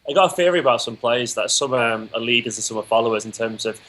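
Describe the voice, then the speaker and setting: Guest, man, rapid-fire opinions, mid-pitched, eager football talk. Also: animated, fairly bright tone, low-quality recording. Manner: quick, enthusiastic, opinionated. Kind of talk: casual football chat.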